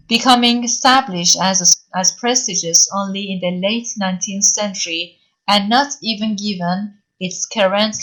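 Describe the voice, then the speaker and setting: Woman w/ lecturing slowly over a video call, lots of uh and um. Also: mid-range voice, fairly bright tone, poor audio. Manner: slow, with frequent fillers and repeated words. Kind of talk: online linguistics lecture.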